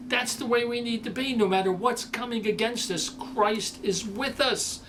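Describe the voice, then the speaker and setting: A male preacher giving a sermon, with dramatic delivery that swings between loud emphasis and quiet passages. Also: high-pitched, animated, unhurried, slight background noise.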